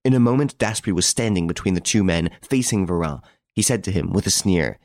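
A man narrates a story in a measured, steady reading voice. His voice is deep and low. The recording is dry and close, with no room sound. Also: no room sound. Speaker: audiobook reader. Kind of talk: scripted first-person narration.

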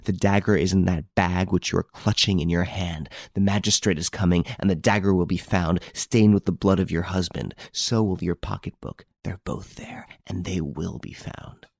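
A man's voice: steady tone, normal speed, gravelly, few pauses, no room sound, clean studio sound. A man voicing a vengeful woman who accuses her friend of murder, in an audiobook reading. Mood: furious. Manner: furious, accusing, shifts from shrill to hissing.

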